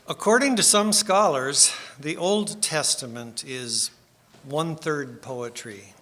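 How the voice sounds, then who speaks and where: A man giving a sermon with slides, unhurried and self-deprecating, with small restarts. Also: on the high side, pushed and bright. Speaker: speaker giving a split sermon. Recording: long hall reverb.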